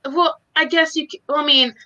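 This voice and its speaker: A woman's voice: sits high, fairly even intonation, a little fast, sharp tone, highs cut off. A woman in casual chat, giggly and hesitant, often trailing off and restarting. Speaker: co-host.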